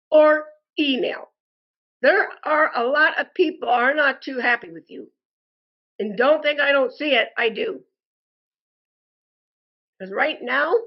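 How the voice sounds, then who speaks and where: Fed-up lady ranting slow about bad service, high voice, kinda muffled lo-fi audio. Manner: slow, deliberate and indignant, addresses viewers as "folks". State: frustrated and angry. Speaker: customer posting a complaint review. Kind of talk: angry complaint monologue.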